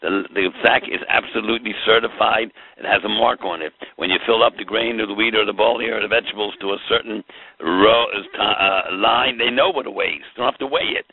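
A man's voice: lowish voice, fairly even intonation, fairly quick, slightly rough, dry recording. A man teaching a Torah class, explaining with rhetorical questions and mixing in Hebrew terms. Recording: tinny phone-like line.

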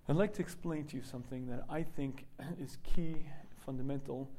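A man with a high but mellow voice teaching a religious lesson through lively stories. He clears his throat often as he talks, and a faint hum sits behind him. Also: low-quality recording. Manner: frequent throat clearing, vivid storytelling.

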